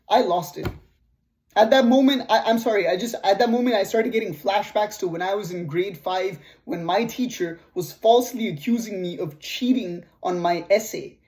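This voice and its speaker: A man's voice: high voice, normal speed, darkish tone. A man with a Canadian accent telling a personal story in a casual vlog, blunt and profane. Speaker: vlogger.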